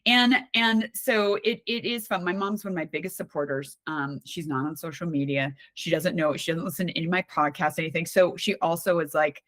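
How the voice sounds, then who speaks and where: A woman on a podcast as a guest, talking in a candid, animated, conversational way with frequent restarts. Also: lowish voice, brisk, few pauses, no echo. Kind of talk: casual conversational storytelling.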